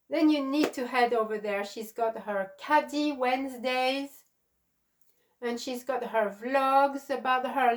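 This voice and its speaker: A middle-aged woman chats through her crochet vlog in an unhurried, affectionate way. She gushes and gets emotional easily. Her voice sits a little high. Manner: warm, gushing, emotional. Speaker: crochet channel host. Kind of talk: casual vlog chat.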